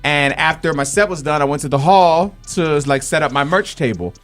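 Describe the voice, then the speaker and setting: A man's voice: fairly high pitch, lively intonation, normal speed, a bit bright, faint music behind. A young adult man hosting a radio show, telling an emotional story in a casual, earnest way. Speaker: radio show host and comedian.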